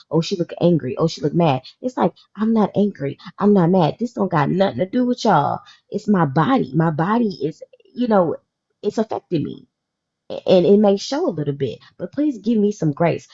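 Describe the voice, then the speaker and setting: A woman's voice: fairly low pitch, creaky, dark tone, slightly rough, muffled recording. A woman in her thirties hosting a podcast panel, talking in an emotional, emphatic way and repeating her points. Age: 30s. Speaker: podcast host. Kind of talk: casual panel chat.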